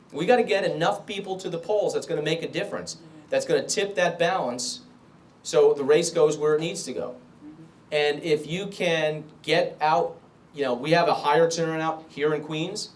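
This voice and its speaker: A middle-aged man giving an emphatic rally speech and answering questions as a political candidate. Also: on the high side. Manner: emphatic, repetitive stump-speech delivery. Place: club meeting room.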